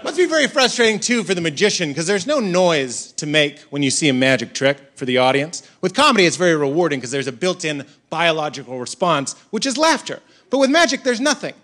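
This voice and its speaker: A male stand-up comedian performing a set on a club stage, animated, acting out voices and shouting punchlines. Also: fairly high pitch, a little fast, hardly any pauses. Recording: live club recording with crowd laughter and noise. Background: audience laughing.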